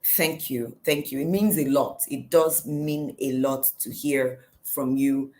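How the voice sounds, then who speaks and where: A middle-aged woman gives a devotional teaching, telling stories in a lively, expressive way. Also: very deep voice, takes it slowly. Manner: lively storytelling, acting out quotes with shouts and laughs. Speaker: teacher leading a daily devotional series. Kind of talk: teaching a devotional talk on scripture.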